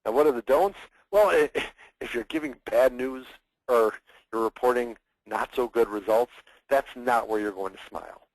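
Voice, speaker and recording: A man teaching public speaking in a webinar, energetic and expressive, acting out examples in mock voices. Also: mid-range voice, normal speed, no echo, low-quality recording. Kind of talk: webinar presentation.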